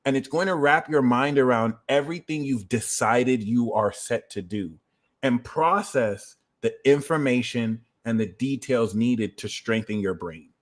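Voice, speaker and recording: A man hosting an astrology livestream, walking viewers through planetary transits in an energetic, conversational way with quick asides. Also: medium pitch. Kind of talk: explaining astrology transits to a live audience.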